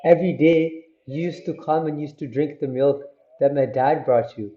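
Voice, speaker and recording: A man's voice: a little high, normal speed, highs cut off, close to an everyday voice. A man voicing a young boy devotee who earnestly pleads with God, in a roomy recording. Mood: pleading.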